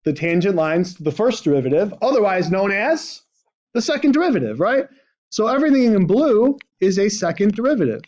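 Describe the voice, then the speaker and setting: A man's voice: sits high, sing-song, brisk, a little mellow. A male math teacher lecturing a class, constantly checking in with questions like "right?". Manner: questioning, prompts students with "right?". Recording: dull lo-fi classroom recording.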